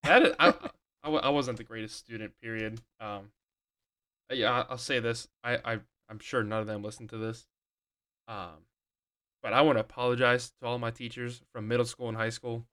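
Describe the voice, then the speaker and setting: A man's voice: mid-range voice, steady tone, moderate pace, fairly bright tone. A young man co-hosting a podcast, telling rambling stories in casual chat with lots of fillers and restarts. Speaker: podcast co-host.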